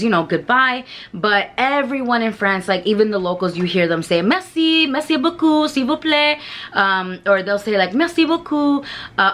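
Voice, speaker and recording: A woman's voice: mid-range voice, a bit bright. A woman giving casual travel tips to camera in a frank, chatty way with mild swearing. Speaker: travel vlogger.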